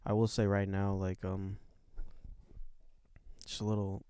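A young man co-hosting a podcast, talking in a relaxed, rambling way with plenty of swearing and a soft, soothing voice. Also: low voice, unhurried, clean tone. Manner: laid-back, rambling, swears often. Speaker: podcast co-host. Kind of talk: casual chat.

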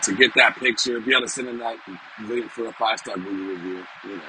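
A man's voice: fairly low pitch, fast talker. Rambling middle-aged man with background noise. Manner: rambling and conversational, repeats himself, often asks "you know?". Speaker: vlogger and sales professional. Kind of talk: casual monologue to camera.

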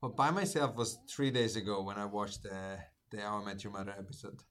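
A man co-hosting a podcast, relaxed in casual chat, telling a story with chuckles. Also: fairly low pitch, a little fast. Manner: relaxed, plugs links, chuckles. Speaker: podcast co-host.

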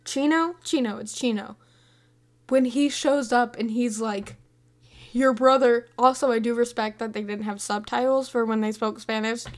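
Woman about 18, casual chat, scattered, excitable, slightly high voice. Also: normal speed. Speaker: movie reviewer.

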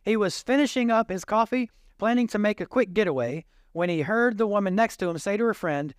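A man's voice: sits high, lively intonation, brisk, no room sound, clean studio sound. A man, a pastor, preaching a sermon and retelling a story with quoted dialogue.

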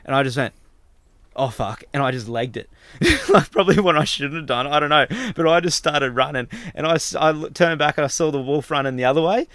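Animated man telling a story. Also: on the high side, quick pace, few pauses, clear, resonant tone, no echo. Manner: animated, laughing, swears freely. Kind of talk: casual storytelling chat.

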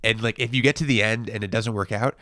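A man's voice: lowish voice, steady tone, fast talker, sharp tone, no room sound, studio quality. A young man co-hosting a podcast, rambling casually with lots of fillers and self-mocking asides. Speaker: podcast co-host. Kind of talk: casual chat.

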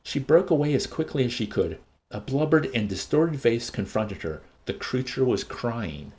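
Expressive man reading fiction aloud. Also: medium pitch, normal speed. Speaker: podcast host reading a novel aloud.

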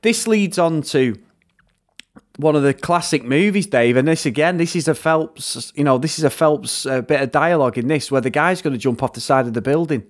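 A man co-hosting a podcast, chatting about a film in a rambling way and retelling scenes with quick impressions. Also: a little high. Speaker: podcast co-host. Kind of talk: casual film review chat.

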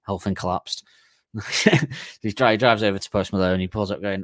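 A man's voice: on the low side, fairly even intonation, fast, no echo, studio quality. A man, co-hosting a comedy podcast, rambling through mocking tangents with frequent laughs. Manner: rambling, mock storytelling with laughter. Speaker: podcast co-host.

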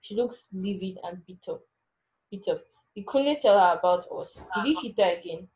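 A woman reads a first-person story aloud, anxious and full of self-questioning, at an ordinary mid pitch. The recording is dull and lo-fi, with muted highs. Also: animated, normal speed. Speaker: narrator.

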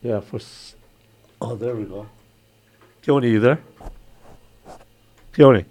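An older man from Hawaii with a Hawaiian accent, hosting a casual radio chat, chatty and quick to laugh. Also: mid-range voice, a little mellow. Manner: chatty, laughs easily, imitates local sayings. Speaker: radio show host.

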